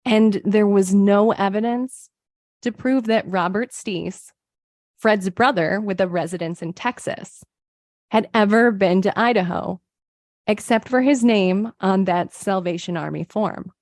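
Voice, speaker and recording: A woman narrates a true crime case for a podcast, mid-pitched and reading steadily from her notes. The recording is close and dry, with no room sound. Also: measured pace, a little mellow, no room sound. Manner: reads case details from a script, quoting sources. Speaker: podcast co-host.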